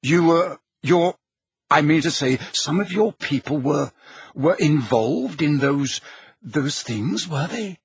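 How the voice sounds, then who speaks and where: A man's voice: a little high, huge pitch swings, a bit bright, slightly rough, no room sound, dull audio, full character voice. A man reading an audiobook, voicing a stiff, flustered prime minister who hesitates and stumbles. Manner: hesitant, halting.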